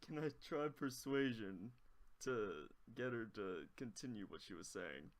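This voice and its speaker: A man's voice: lowish voice, animated, unhurried. A man playing a tabletop game, playful and laughing easily. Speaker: player. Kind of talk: casual tabletop play.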